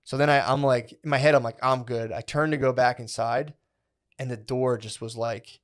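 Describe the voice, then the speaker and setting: Mid-episode on a comedy podcast, a man tells a long, wandering story loosely and casually, dropping "like" and "dude" into nearly every phrase and swearing easily. His middle-pitched voice has fairly even intonation and a moderate pace.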